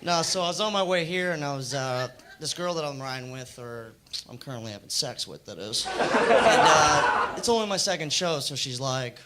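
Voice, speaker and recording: A young American man doing a stand-up set, rambling and deadpan with lots of fillers. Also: on the high side, normal speed, over a noisy crowd. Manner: laid-back, rambling, deadpan jokes with fillers. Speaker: stand-up comedian. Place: comedy club stage. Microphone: handheld stage mic. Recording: noisy club recording. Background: audience noise.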